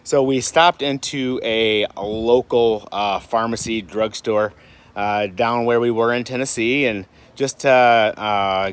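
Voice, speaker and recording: Michigan guy vlogging, rambly, lots of "right?" and restarts, medium pitch. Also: smooth. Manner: rambling, many fillers and restarts, rhetorical questions. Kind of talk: casual vlog talk. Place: home in Puerto Rico.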